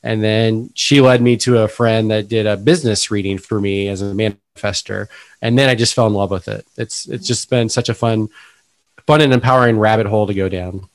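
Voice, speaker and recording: American guy on a podcast, lowish voice, dry close sound, rambles eagerly. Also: fairly even intonation, brisk, no room sound. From United States. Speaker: podcast guest. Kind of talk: casual interview chat.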